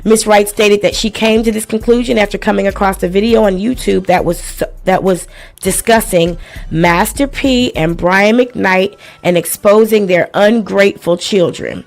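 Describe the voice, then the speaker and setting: A woman's voice: mid-range voice, moderate pace, creaky. A woman hosting a live stream, reading and commenting on a lawsuit in a blunt, profane and sarcastic way.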